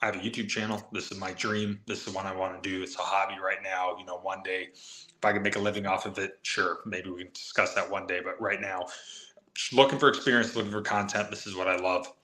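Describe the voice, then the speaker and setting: Excited man telling a story, roomy sound. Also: low voice. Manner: excited, fast anecdote-telling with acted quotes. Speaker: guest MMA reporter. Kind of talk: animated storytelling on a live show.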